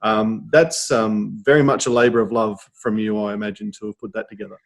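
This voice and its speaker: A low-pitched man hosts a casual podcast interview. He asks long questions, pausing often on fillers. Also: steady tone, vocal fry. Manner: hesitant, frequent fillers. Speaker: podcast host.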